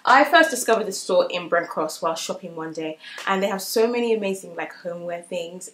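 A young woman talks through her shopping haul in a casual, bubbly way, full of fillers. Her voice sits at an ordinary middle pitch. The room around her adds a noticeable echo. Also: noisy background. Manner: chatty and bubbly, many fillers. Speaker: vlogger. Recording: echoey room.

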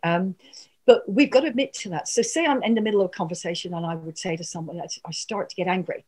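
A woman's voice: on the low side, fast, darkish tone. A woman communication trainer giving an earnest, coaching workshop talk. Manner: earnest, coaching, frequent asides and laughs.

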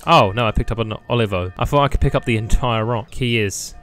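A man's voice: mid-range voice, quick pace, fairly bright tone, soft background music. A man doing sarcastic comedic commentary while playing a video game, laughing often and mocking it. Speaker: gaming YouTuber. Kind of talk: comedic let's play commentary.

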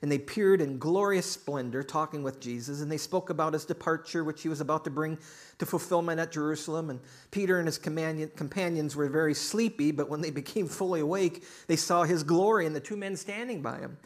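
A man's voice: a little high, fairly quick. A middle-aged male pastor preaching a sermon, telling a joke story and reading scripture with rising emphasis.

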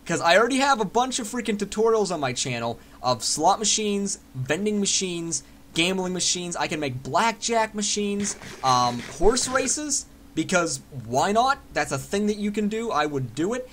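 A young man giving casual, excitable commentary while playing a building game, chatting to himself and swearing freely. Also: sits high, moderate pace, a little hiss or hum. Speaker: Minecraft let's player.

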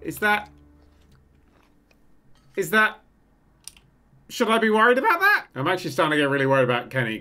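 With a mid-range voice, a man hosting a gaming channel commentates excitedly on a game, frequently swearing and bursting into laughter.

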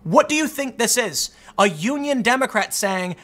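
A man giving solo political commentary, reading news quotes aloud and reacting, getting animated and repeating words when fired up. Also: very high voice, moderate pace.

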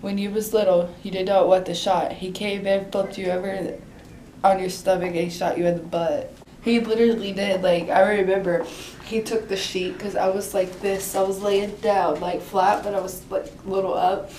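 A woman's voice: medium pitch, level tone, moderate pace, mellow. A young woman with a congested, stuffy voice from a cold, chatting casually and sounding whiny about feeling sick. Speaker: vlogger's girlfriend. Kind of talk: casual chat. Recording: roomy, distant, faint background noise.

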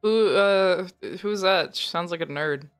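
Low-voiced playful woman producer. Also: slow, smooth. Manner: playful and joking. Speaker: stream producer and player. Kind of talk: casual chat.

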